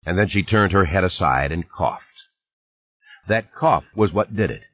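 A man narrating an audiobook in a measured, expressive reading, recorded on a dull lo-fi cassette. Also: low-pitched. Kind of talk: scripted narration.

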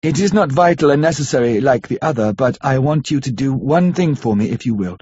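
A man's voice: medium pitch, lively intonation, brisk, a little hiss or hum, close to an everyday voice. A man voicing a solemn, devoted young wife. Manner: earnest, pleading, softly solemn. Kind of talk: audiobook character reading. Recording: dull lo-fi audiobook recording.

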